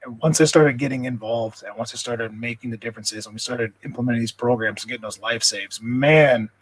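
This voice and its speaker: A man's voice: mid-range voice, a little fast, rough recording. A man guesting on a podcast, telling an emotional personal story in an earnest, intense way, often repeating words when stirred. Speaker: podcast guest, nonprofit founder.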